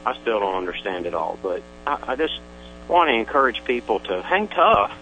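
An older male caller on a radio call-in show, speaking haltingly with many pauses and restarts. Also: on the low side, sing-song, sharp tone, faint music behind, low-quality recording. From Tennessee.

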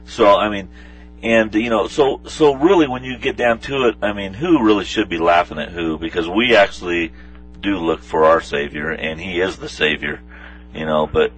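Low-voiced radio host, a bit off-mic. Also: male voice, normal speed, a bit bright, slightly rough, recorded from a distance, soft background music, rough recording. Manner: casual, many "you know"s. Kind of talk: call-in radio chat.

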